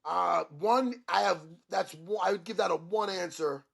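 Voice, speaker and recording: A man, a podcast guest, telling stories in an excitable, profane way and acting out the quotes. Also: sits high, moderate pace, gravelly, slightly rough. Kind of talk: animated storytelling chat.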